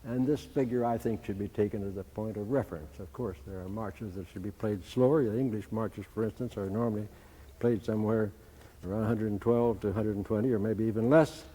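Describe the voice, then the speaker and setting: An older man from the United States, a band conductor, giving a measured, didactic talk and singing syllables to demonstrate. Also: fairly low pitch, fairly even intonation, dark tone, long reverb tail. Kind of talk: instructional talk.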